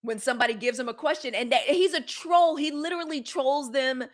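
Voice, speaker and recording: A woman's voice: high-pitched, a little fast. Fiery outspoken woman hosting live news commentary. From United States. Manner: blunt, fiery and sarcastic, with swearing and colloquial talk. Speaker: host of a daily live news commentary show. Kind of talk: live-stream commentary reading viewer comments.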